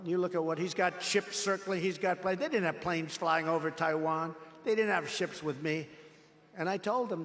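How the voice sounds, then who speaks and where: A man's voice: sits high, steady tone, moderate pace, fairly bright tone, big-room sound. A man giving an off-the-cuff political rally speech, boastful and repetitive, telling rambling stories in a large indoor venue. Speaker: political speaker.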